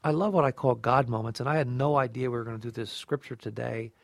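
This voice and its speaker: A man co-hosting a scripture reflection, telling a personal story in a lively way and acting out the dialogue. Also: medium pitch, fast talker, vocal fry, no echo. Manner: animated storyteller, acts out dialogue. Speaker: co-host of a scripture reflection show. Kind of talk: conversational faith reflection.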